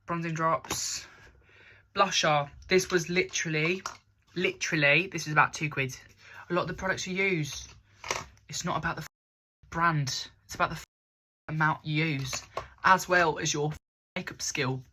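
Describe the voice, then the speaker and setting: A woman's voice: low voice, moderate pace, long pauses, sharp tone, a little hiss or hum. A young woman, chatting casually through a makeup tutorial in her bedroom, rambling and poking fun at herself. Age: young adult. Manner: rambling, chatty, self-mocking. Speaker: makeup vlogger.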